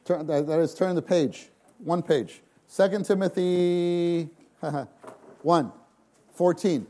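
A man delivering a sermon at a deliberate, unhurried pace. His voice is mellow and dark, though a bit higher than most men's. He swings from quiet, intimate passages to loud, dramatic cries. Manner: slow, emphatic delivery. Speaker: preacher.

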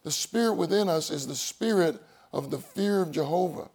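A man's voice: a little high, lively intonation, moderate pace, creaky, darkish tone. A man preaching a sermon, reading outline points aloud and repeating key phrases for emphasis.

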